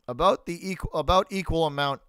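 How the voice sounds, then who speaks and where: A man's voice: a little high, brisk, bright, forceful tone, clear, resonant tone, dry recording. A man with a Boston accent giving live hockey play-by-play as a fan streamer, talking to his chat and rooting for his team. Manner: chatty, rooting for Boston, talks to chat viewers.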